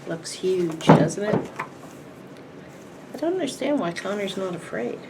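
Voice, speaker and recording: Slow, measured woman reading aloud. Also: mid-range voice, gravelly. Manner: expressive, measured. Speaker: children's librarian. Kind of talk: reading a children's book aloud. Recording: distant mic, faint background hiss.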